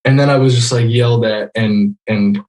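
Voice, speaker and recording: A man in his twenties, a guest on a video call, telling a story in an animated way, full of "like" fillers. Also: lowish voice, normal speed. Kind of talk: casual video-call conversation.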